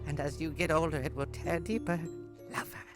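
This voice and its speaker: A woman's voice: low-pitched, fairly even intonation, fairly quick, over music, close to an everyday voice. A woman playing a dramatic bitter old rich lady. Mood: fervent. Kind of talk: cartoon acting.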